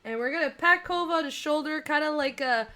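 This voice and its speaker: A young woman streaming, reading a dating game aloud and chatting with viewers, excitable with squealing laughs. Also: high voice, fairly quick.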